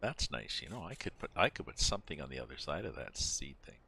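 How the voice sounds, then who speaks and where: Deep-voiced man rambling while he plays. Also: sing-song, fast talker, gravelly, bright, forceful tone, breathy edge. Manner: rambling, thinking aloud. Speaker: game streamer. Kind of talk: casual gameplay chat.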